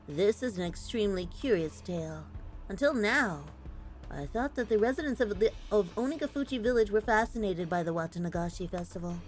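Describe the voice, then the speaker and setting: A woman's voice: mid-range voice, a little mellow, natural voice, rough recording. Woman reading as an intrigued researcher. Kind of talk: read-aloud document in a game dub.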